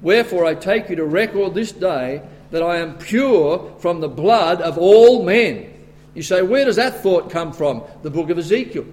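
A man with an Australian accent preaching a sermon, quoting scripture and rising to forceful, emphatic bursts. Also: high-pitched, animated, normal speed, few pauses.

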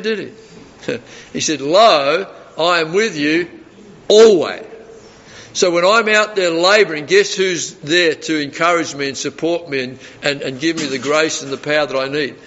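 Folksy, earnest preacher, a touch high-voiced, on a dull recording in a reverberant hall. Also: male voice, normal speed, pushed and bright. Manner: earnest, folksy storytelling with chuckles. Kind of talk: sermon.

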